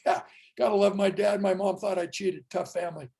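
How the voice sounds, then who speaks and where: A man's voice: sits high, fairly even intonation, a little fast, gravelly, dark tone, rough recording. A man in his sixties, a professional speaker, giving a motivational keynote with dramatic storytelling and punchy, emphatic lines. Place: event stage.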